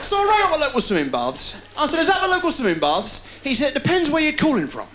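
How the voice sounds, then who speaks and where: A man doing stand-up, firing off deadpan one-liners and puns. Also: extremely high pitch. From England. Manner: rapid-fire deadpan puns with quick delivery. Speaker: stand-up comedian. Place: live TV studio with a laughing audience. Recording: loud crowd laughter, noisy 1990s TV broadcast.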